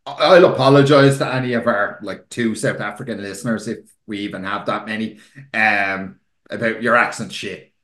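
A man's voice: on the low side, fairly even intonation, normal speed, fairly bright tone. A man co-hosting a podcast in casual chat, blunt and sweary, teasing his co-host. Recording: roomy echo.

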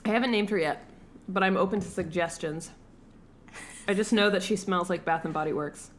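A woman's voice: on the low side, fairly quick, a little hiss or hum. A young adult woman co-hosting a podcast in casual, rambling, self-mocking chat. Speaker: podcast co-host.

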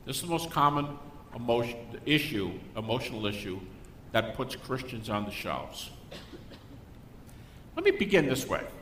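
Animated older man lecturing in an echoey hall. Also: moderate pace, long pauses. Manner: animated storyteller who acts out quoted people. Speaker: guest speaker. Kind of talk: Christian apologetics lecture to a live audience. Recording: echoey hall with faint rumble.

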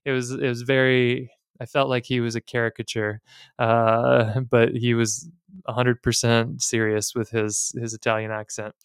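A man in his thirties talks through his podcast in a candid, plainspoken way, dropping in casual asides. His voice is strikingly smooth and resonant. The sound is dry and close, with no room around it. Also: mid-range voice, flat delivery, normal speed, no room sound. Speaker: podcast host. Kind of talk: casual finance podcast talk.

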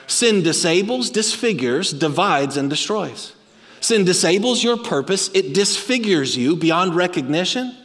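A man's voice: animated, unhurried. Male preacher, dramatic sermon delivery, long hall reverb. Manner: dramatic storytelling, drops low and quiet for emphasis.

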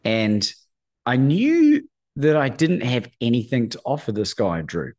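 A middle-aged man, a guest on a podcast, telling a story in a lively way, acting out the people he quotes and often asking "right?". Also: medium pitch, unhurried. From Australia. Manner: acts out quoted voices, often asks "right?". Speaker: guest, courage coach. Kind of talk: animated storytelling in a podcast interview.

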